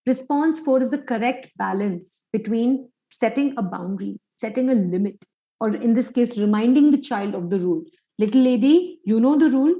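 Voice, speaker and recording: A woman's voice: high voice, warm tone. Echoey-voiced woman psychologist quizzing listeners. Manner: quizzes listeners, asks many questions. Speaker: clinical psychologist giving a parenting talk. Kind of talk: online parenting workshop.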